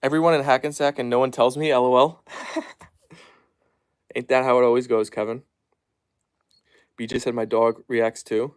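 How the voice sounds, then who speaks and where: A man casually chatting on a live stream at home, reading viewer comments aloud and softly hushing his dogs. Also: medium pitch, level tone, moderate pace, pauses often, smooth. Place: at home, down in the basement.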